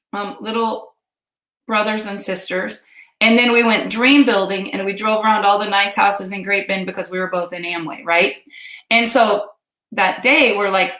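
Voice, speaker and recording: Talkative woman from kansas, fifties, telling her followers a story, bright tone, echoey room. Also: mid-range voice. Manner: chatty, animated, addresses viewers directly. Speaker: vlog host. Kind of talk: personal storytelling to viewers. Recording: roomy echo.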